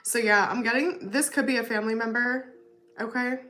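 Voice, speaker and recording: A woman's voice: on the high side, steady tone, brisk, pushed and bright. A woman giving a casual tarot reading to her viewers, chatty, often adding "okay?" and "you know what I mean?". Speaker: tarot reader.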